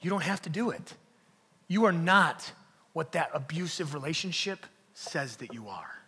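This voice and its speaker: A young man preaching a sermon in church, swinging from loud emphatic lines to hushed near-whispers. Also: a little high, expressive, normal speed, husky, long reverb tail. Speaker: pastor. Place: church hall.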